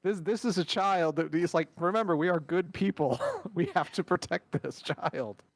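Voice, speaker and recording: A man's voice: high-pitched, moderate pace, no echo. A man playing a tabletop game who talks earnestly and insistently. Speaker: player.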